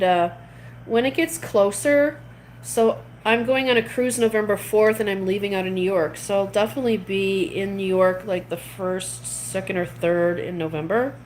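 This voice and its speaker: A middle-aged woman with a medium-pitched voice chats casually with her stream viewers, laughing between phrases as she tells a rambling, often restarted story. Slight background noise is present.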